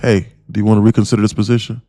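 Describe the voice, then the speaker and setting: A man's voice: fairly low pitch, flat delivery, rapid-fire, dark tone, no echo, clean studio sound, natural voice. A man playing a weary, dismissive CEO. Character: weary male CEO turning a hire away.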